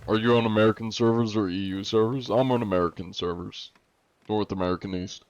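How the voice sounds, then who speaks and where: A man's voice: lowish voice, steady tone, fairly quick, no echo, highs cut off. A man streaming a game and chatting with viewers in a joking, teasing way, with a put-on Russian accent. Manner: joking, teasing, playing a mock-Russian persona. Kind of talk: casual livestream gaming chat.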